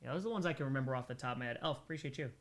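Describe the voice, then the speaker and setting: A man's voice: medium pitch, racing. A man hosting a casual livestream Q&A, rambling enthusiastically through his answers and thanking donors along the way. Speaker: livestream host answering viewer questions. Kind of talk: casual chat.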